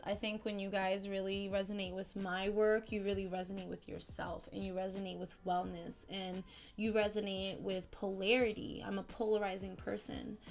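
A woman hosting a spiritual podcast, talking in a casual, slangy, animated way that swings between excited outbursts and softer, quieter stretches. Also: mid-range voice. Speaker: podcast host.

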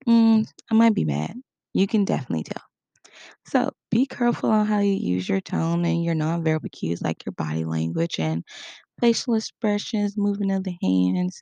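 A woman gives a casual, conversational spoken lesson as an instructor, acting out short example quotes. Her voice is lowish, gravelly and mellow, with no room sound.

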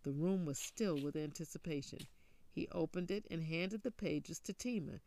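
A storyteller giving a steady scripted reading of a family story. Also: medium pitch, moderate pace. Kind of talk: scripted narration.

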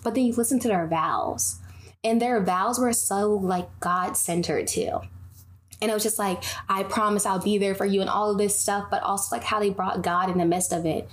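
Young female host, animated and chatty, tells stories with lots of side tangents. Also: medium pitch, moderate pace. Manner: animated storytelling, goes on tangents. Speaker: podcast host. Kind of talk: casual faith chat.

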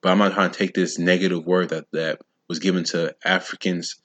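A man with a very low voice talks to his listeners in a solo motivational podcast. His delivery is casual, slangy and preachy, and he drives each point home with emphatic "boom, boom" sound effects. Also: little pitch movement, fairly quick, a bit bright. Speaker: podcast host.

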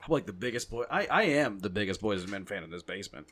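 A man's voice: fairly low pitch, expressive, fast, a bit bright. A man hosting a podcast, chatting casually in a profane, rambling, jokey way. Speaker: podcast host. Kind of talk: casual chat.

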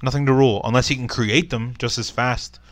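A man co-hosting a casual podcast chat, jumping in with excited reactions and comparisons. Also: mid-range voice, fairly quick, dry recording. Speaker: podcast co-host.

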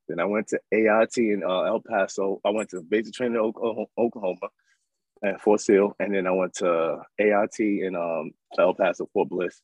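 A man in his thirties from New York, telling his life story as an interview guest in an animated, casual way. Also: lowish voice, dry recording, poor audio. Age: 30s. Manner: animated, acts out voices in his stories.

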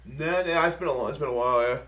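A man co-hosting a podcast in casual chat, excitable and crude, laughing often. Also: mid-range voice, racing. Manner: excitable, says dude a lot, laughs often. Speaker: podcast co-host.

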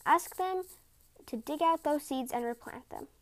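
Brief: woman doing a soft, loving young maiden from heaven, high and tender, for a storybook. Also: measured pace, no echo. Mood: urgent.

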